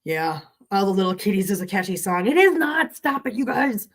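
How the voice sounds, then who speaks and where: A woman's voice: mid-range voice, sing-song, fairly quick. A middle-aged woman hosting a casual cat live stream from her home studio, chatting with viewers, answering the chat and laughing often.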